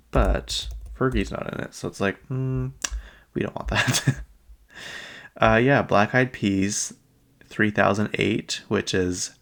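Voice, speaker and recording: A man with a deep voice chats loosely about pop culture as a podcast host. His talk is rough and gravelly and drifts along, full of ums and trailing asides. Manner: rambling, chatty, trails off with ums. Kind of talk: casual pop-culture chat.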